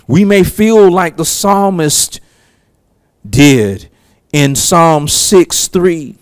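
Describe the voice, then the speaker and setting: A man preaching a sermon, slow and emphatic, with long pauses between phrases. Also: fairly high pitch, no echo. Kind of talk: sermon teaching.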